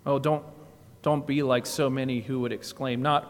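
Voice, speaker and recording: A man preaching a sermon in a church, swinging between loud emphatic exclamations and low hushed passages. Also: level tone, moderate pace, in a large hall. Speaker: guest preacher. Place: church sanctuary.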